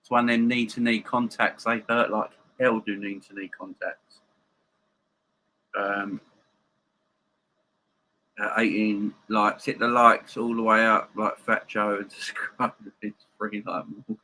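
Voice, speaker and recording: Male streamer, sharp bright tone, joking live chat with viewers from home. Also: on the low side, little pitch movement, unhurried, long pauses, a little hiss or hum, rough recording. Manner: chatty, joking banter with viewers. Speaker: host of a live football watchalong.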